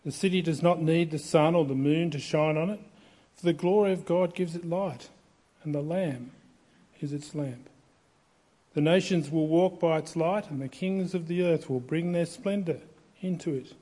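A man reads scripture to his congregation in a church, his voice fairly high for a man yet mellow and warm. He keeps a measured, steady pace, giving each phrase its weight. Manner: measured, steady reading aloud. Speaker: pastor. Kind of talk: scripture reading in a church service.

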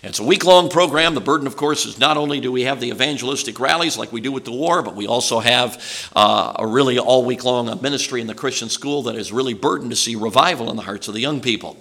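A man's voice: mid-range voice, fast talker, a bit bright. A man from Chicago with a Chicago accent, preaching to a congregation in a folksy, chatty way with many "uh"s and "okay"s. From Chicago, USA. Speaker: traveling preacher. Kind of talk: sermon introduction to a congregation.

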